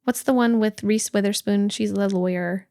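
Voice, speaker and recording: A woman's voice: mid-range voice, steady tone, normal speed, darkish tone, clear, resonant tone. A woman co-hosting a podcast in casual chat, easygoing, with short replies and laughter. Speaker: podcast co-host.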